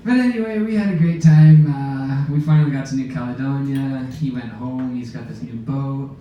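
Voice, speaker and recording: A man casually telling an animated sailing story to a live audience aboard a ship, laughing as he goes. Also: mid-range voice, normal speed, dull audio. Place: lounge aboard a ship, indoors. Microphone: phone camera in the audience. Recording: very echoey room, distant mic, faint background noise.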